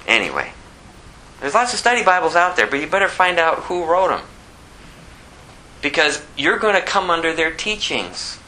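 Emphatic male Bible teacher, bright tone. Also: a little high, slight background noise, rough recording. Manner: emphatic, repeats phrases for effect; conversational with asides. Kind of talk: informal sermon.

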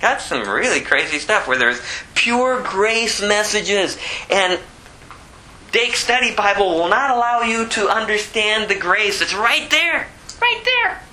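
A man's voice: sits high, lively intonation, a little slow, sharp tone, a little hiss or hum, low-quality recording. A man giving an informal sermon as a Bible teacher, emphatic and conversational, repeating phrases for effect. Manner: conversational with asides.

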